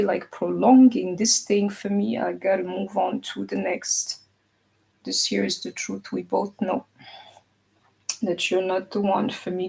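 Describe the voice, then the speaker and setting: A woman tarot reader speaks in a casual, earnest monologue, her voice carrying a gravelly fry and a husky edge. She talks straight to someone who isn't there, emphatic and peppered with "you know.". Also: medium pitch, a little mellow, low-quality recording. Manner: speaks directly to an absent partner. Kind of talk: casual spoken tarot reading.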